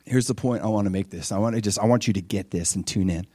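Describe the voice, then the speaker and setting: A man preaching a sermon in an animated way, acting out dialogue with sudden high-pitched exclamations. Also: fast, breathy edge, no room sound.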